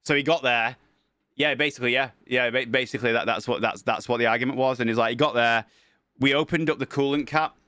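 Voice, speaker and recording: A man, a streamer casually telling a long story and acting out the dialogue with lively energy. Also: mid-range voice, quick pace, dry recording, studio quality. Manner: animated, acts out quoted dialogue.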